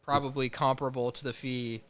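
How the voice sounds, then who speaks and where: A man's voice: medium pitch, flat delivery, brisk, a bit bright, clean tone. A young man co-hosting a comedic podcast, casual and sarcastic, laughing often. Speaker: podcast co-host.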